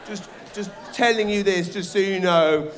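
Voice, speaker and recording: A middle-aged man performing a rambling, animated stand-up comedy set on a theatre stage. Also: sits high, a little slow. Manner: animated, shouting bits, rambling restarts. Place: theatre stage before a live audience.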